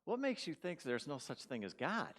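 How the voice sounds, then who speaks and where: A man voicing a calm, patient male pastor inside a joke he tells during a sermon. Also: fairly high pitch, normal speed.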